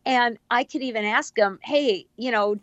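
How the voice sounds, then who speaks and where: A woman's voice: a little high, normal speed, no room sound, dull audio. A woman guest speaking in a casual interview, telling stories animatedly and acting out the voices of people she quotes. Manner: animated storyteller who acts out quoted voices and laughs often. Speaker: guest, empathic healer.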